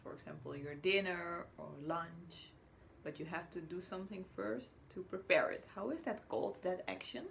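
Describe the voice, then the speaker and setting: A woman teacher from Chile giving a slow, patient recorded spelling lesson to young children, now and then whispering or acting out a word. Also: on the low side, gravelly, a little hiss or hum. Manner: patient, drawn-out words, whispers or acts out words as examples.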